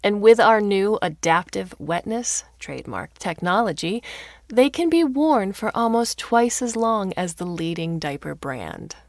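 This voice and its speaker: A woman's voice: animated, unhurried, darkish tone, dry recording, clean studio sound. A woman voicing a chirpy, upbeat advertisement for diapers. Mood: salesy. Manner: chirpy salesy pitch.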